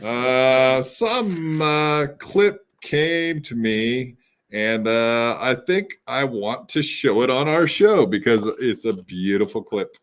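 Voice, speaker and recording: A man's voice: mid-range voice, lively intonation, slow. A man hosting a podcast in casual chat, joking and teasing his co-hosts. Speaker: podcast host.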